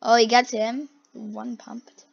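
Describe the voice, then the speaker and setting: A young person giggling and gasping while reacting to game clips in a try-not-to-laugh challenge. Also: female voice, fairly high pitch, little pitch movement, takes it slowly, gravelly, breathy edge, dull audio. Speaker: video reactor.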